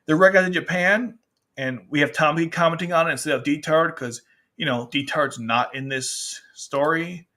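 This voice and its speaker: A man's voice: a little high, moderate pace, pushed and bright. A man casually chatting as a manga reviewer, rambling and restarting often, sometimes acting out characters' lines. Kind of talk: casual chat.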